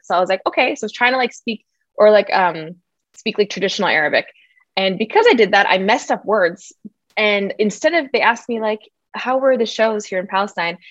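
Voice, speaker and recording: A woman comedian chatting in an interview, telling animated stories with frequent fillers and laughs. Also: medium pitch, no room sound. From United States. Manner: animated storyteller, laughs often, many ums and likes. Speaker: comedian guest. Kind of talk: casual interview chat. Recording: dry, dull lo-fi sound.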